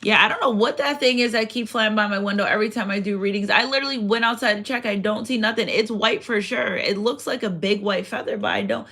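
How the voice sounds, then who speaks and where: A woman's voice: medium pitch, fast, hardly any pauses, a bit bright. A woman giving a casual spiritual card reading, chatty and repetitive. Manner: chatty, repeats phrases, reads out affirmations. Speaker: tarot card reader.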